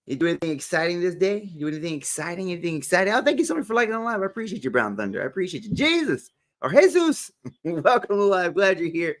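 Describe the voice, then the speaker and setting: Upbeat high-voiced livestream host man. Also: lively intonation, very fast, fairly bright tone. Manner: upbeat, laughs often, greets viewers by name. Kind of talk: casual live-stream chat greeting viewers.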